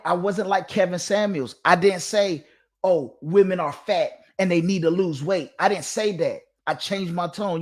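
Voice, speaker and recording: A man hosting his own channel, talking straight to his viewers in a lecturing, emphatic monologue that circles back and repeats its points. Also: high-pitched. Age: adult, father of two. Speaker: channel host giving dating commentary. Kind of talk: direct-to-camera monologue.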